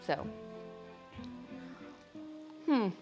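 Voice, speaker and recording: Speaking very slowly, this cooking show host runs a live demo in her home kitchen and chats with her viewers while cooking. The recording has its highs cut off, and faint music plays behind her.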